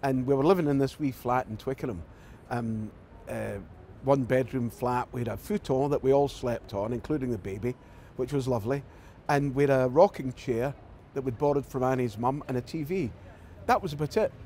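A Scottish actor with a Glasgow accent, speaking in a mid-range voice at normal speed with few pauses, tells anecdotes as an interview guest. He's an animated storyteller who acts out the voices of the people involved, over a slight hiss or hum.

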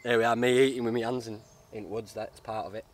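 A bushcraft vlogger talks casually in the woods, his medium-pitched voice steady in tone and quick in pace. He's chatty and heartfelt, often calling the viewer "mate."

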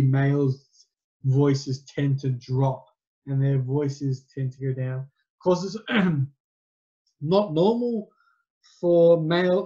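A man delivers a physics lesson at an unhurried pace, wandering through his explanations with ums and restarts. His voice is mellow and relaxed. The recording sounds dull and lo-fi. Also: a little high. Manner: conversational, rambling explanations with fillers. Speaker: physics teacher. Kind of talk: recorded classroom lecture.

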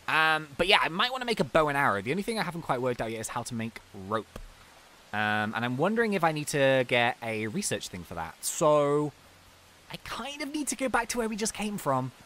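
A man's voice: fairly high pitch, a little hiss or hum. Guy narrating his gameplay, voice jumps all over, laughs and yelps a lot. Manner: excitable, laughs and exclaims often. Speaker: gaming video host. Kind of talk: casual let's-play commentary.

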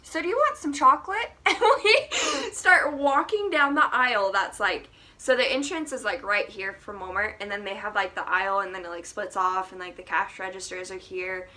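Bright-voiced young woman telling a story. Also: medium pitch, moderate pace, few pauses. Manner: animated, laughing, lots of "like". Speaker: vlogger. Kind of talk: casual storytime vlog.

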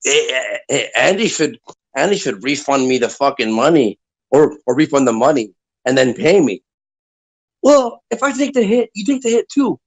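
A man's voice: medium pitch, big pitch swings, moderate pace. A man in a heated stream argument, defensive and irritated, swearing as he talks.

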